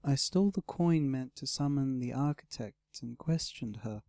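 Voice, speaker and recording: A man voicing a caring young female blue dragon, speaking softly and gently in an audiobook. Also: mid-range voice, expressive, normal speed, creaky, dry recording, studio quality. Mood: explaining. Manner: soft, gentle. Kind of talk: audiobook character voice.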